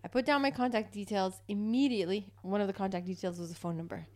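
A woman in casual chat, telling a story in an animated way and laughing often. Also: medium pitch, quick pace.

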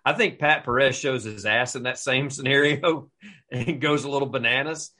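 Bright guy chatting loose with his buddies, lots of "like". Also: mid-range voice, moderate pace. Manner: rambling, joking, hedges with "like". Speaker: podcast co-host. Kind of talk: casual banter.

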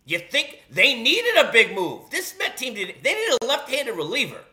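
Male host, combative opinion monologue, bright, forceful delivery. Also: very high voice, huge pitch swings, moderate pace. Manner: blunt, sarcastic, combative. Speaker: podcast host. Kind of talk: opinionated sports rant.

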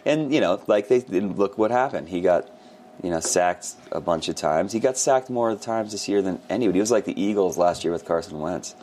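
A man with a very deep voice co-hosts a casual sports chat, rambling through his points with plenty of fillers. He gets animated when he imitates fans. Faint background noise runs under the recording. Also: brisk. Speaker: sports podcast co-host.

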